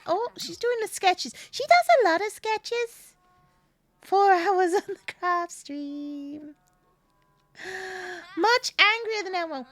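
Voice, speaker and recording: A squeaky cranky owl. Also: female voice, bright, forceful tone, heavily acted. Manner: grumbling, chatty commentary to chat. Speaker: streamer.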